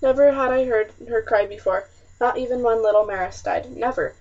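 A woman narrating a historical novel in the first person with a measured, expressive reading, on a muffled, slightly distant recording. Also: on the high side. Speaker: audiobook narrator.

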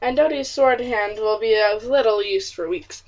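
A woman's voice: mid-range voice, normal speed, muffled recording, close to an everyday voice. A woman reading the part of a blunt, matter-of-fact young colonial man who tells the news with some satisfaction. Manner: blunt, matter-of-fact, old-fashioned speech.

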